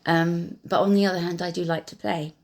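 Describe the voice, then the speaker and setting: A woman and piano teacher gently recalling her own learning, talking hesitantly with many pauses and fillers. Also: lowish voice, steady tone. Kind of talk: reflective personal storytelling. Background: piano music.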